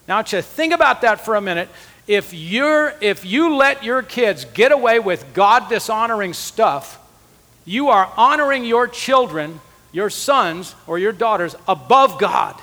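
A high, bright male voice preaching in an earnest, conversational way. He talks straight to the men in the room, and the sound rings with a long hall echo. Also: lively intonation, a little slow. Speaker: conference speaker. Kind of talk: sermon teaching.

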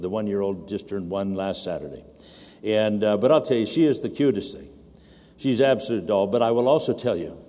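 An older man preaching a sermon at a conference, getting animated as he acts out a demanding baby in a raised voice. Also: on the low side, big-room sound. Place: large conference hall.

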